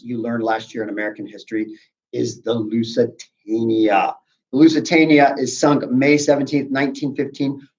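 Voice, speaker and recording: A man's voice: mid-range voice, a little mellow. A man teaching a history class in a casual, conversational way, with asides to his students. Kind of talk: classroom lecture. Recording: dull lo-fi recording.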